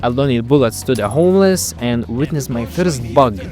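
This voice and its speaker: A man's voice: mid-range voice, expressive, normal speed, darkish tone. A young man doing a sarcastic, profane comedic voice-over of a video game. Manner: sarcastic, profane, mock-dramatic. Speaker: gaming video creator. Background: game music.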